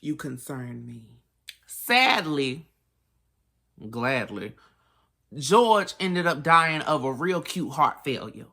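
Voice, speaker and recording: A woman's voice: sits low, big pitch swings, takes it slowly, pauses often, fairly bright tone, husky. A woman telling a true-crime story as a casual bedtime tale, with sassy, chatty asides. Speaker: storyteller host.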